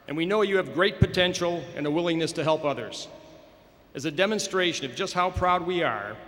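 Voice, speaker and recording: Man, 50s, school administrator at a graduation podium; bright, high-ish, encouraging and declamatory, heard with a long hall echo. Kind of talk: formal commencement speech. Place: large hall at a graduation ceremony. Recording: echoey hall over a public address system.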